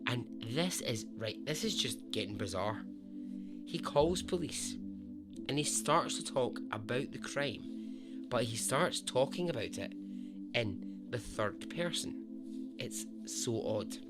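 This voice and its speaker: A man's voice: mid-range voice, lively intonation, unhurried, over loud music. A man hosting a podcast, telling a true story in a conversational, emphatic way and swearing freely. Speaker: podcast host.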